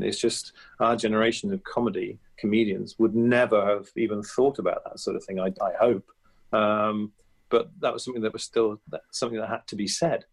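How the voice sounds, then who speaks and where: Here a fiftysomething comedian from England gives a reflective interview, rambling through anecdotes with lots of fillers and restarts. He talks quickly in a fairly low, steady voice with a slightly rough edge.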